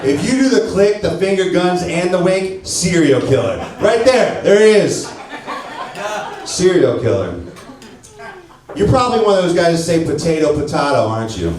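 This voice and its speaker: Very animated and high-pitched, a St. Louis, Missouri man works a comedy club at a moderate pace, needling the crowd with brash, profane material while they laugh. The sound is echoey, with the mic picking him up from far away.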